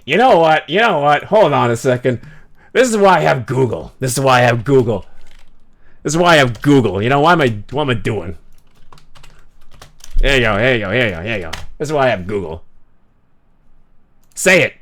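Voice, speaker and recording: A man's voice: mid-range voice, lively intonation, a little fast, long pauses, fairly bright tone. A man streaming a game, chatting casually with viewers in a joking, self-mocking way, stumbling over foreign words and putting on mock-dramatic outbursts. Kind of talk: casual livestream chat reacting to viewers.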